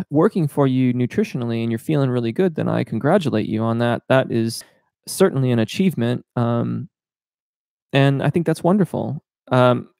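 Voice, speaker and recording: Male voice coach for live Q&A: gravelly, dry close sound, explanatory, technical, lots of ums. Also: medium pitch, a little mellow, no room sound. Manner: explanatory, technical, many filler words. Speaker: voice teacher. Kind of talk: live-stream Q&A, reading chat questions aloud.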